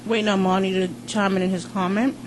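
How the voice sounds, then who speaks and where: A woman hosting a casual talk radio show in an unhurried, conversational way. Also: mid-range voice, little pitch movement, background noise.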